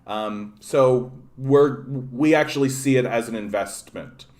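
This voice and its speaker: A man's voice: medium pitch, a little slow. Profane ranting man hosting a livestream. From Canada. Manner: profane, animated ranting, greets chat viewers. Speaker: political livestream host. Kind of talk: casual livestream commentary.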